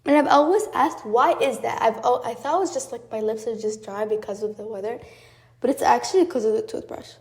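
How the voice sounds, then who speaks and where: A woman's voice: fairly high pitch, fairly quick, a little mellow. A young woman hosting a podcast, chatting casually and rambling, with many fillers and restarts, talking straight to her listeners. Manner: talks directly to listeners as guys. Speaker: podcast host. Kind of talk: casual chat.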